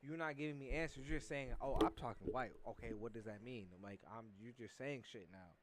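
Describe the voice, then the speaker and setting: A man's voice: mid-range voice, a little fast. A young man in a casual chat, telling stories and stumbling over repeated words. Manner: storytelling, repeats words when starting.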